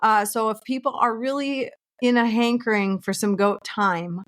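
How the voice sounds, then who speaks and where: A woman's voice: a little high, fairly even intonation, normal speed, fairly bright tone. A woman from small-town Minnesota with a Minnesotan accent, a realtor chatting as an interview guest in a friendly, storytelling way. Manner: friendly, storytelling, laughs easily. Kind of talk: casual interview chat.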